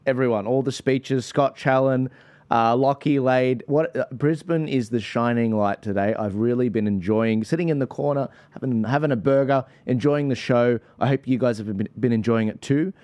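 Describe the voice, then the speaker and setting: A man's voice: mid-range voice, normal speed, a little mellow, no room sound. An Australian man hosting a livestream, chatting casually in an upbeat, promotional way. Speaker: livestream host.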